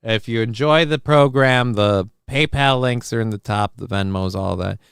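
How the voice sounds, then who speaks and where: Give me a sarcastic man hosting a livestream, smooth-voiced and dry. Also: mid-range voice, normal speed, a bit bright, no echo. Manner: crude sarcastic riffing, reads chat aloud. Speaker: show host. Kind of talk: casual livestream commentary.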